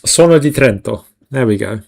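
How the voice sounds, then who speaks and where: A man's voice: mid-range voice, expressive, moderate pace, gravelly, darkish tone, slightly rough. A man hosting a live stream, chatting casually and jokingly with viewers while he works, laughing often. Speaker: 3D art stream host.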